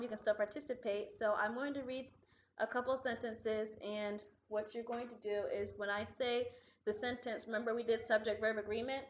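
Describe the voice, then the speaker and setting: A woman teacher giving a recorded grammar lesson to students at home, patient and deliberate, slowing down to model example sentences. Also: a little high, slight background noise. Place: classroom. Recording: echoey room, dull lo-fi sound.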